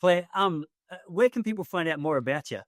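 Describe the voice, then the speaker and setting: A man's voice: sits high, expressive, fairly quick, no room sound, clean studio sound. A man hosting a podcast, talking casually and in a friendly way with some fillers. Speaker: podcast host. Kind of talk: casual interview talk.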